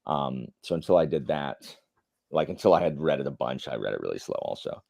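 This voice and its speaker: This livestream host has a bass voice that's gravelly and a little mellow, and he talks animatedly and slightly fast. He chats casually while answering viewer comments, rambling with plenty of fillers and offering blunt opinions. The audio is clean studio sound with no echo.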